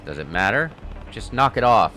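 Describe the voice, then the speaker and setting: A stern, calm hero in a game, read by a man in his own voice. Curt and dry, he keeps it low-key and lets the lines land without fuss. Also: brisk, soft background music.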